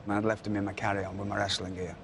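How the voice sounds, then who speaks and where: Middle-aged guy spinning a story, lowish voice, faint hiss behind. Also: fast talker. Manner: animated anecdotes with acted-out quotes. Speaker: wrestling podcast guest. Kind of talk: casual storytelling.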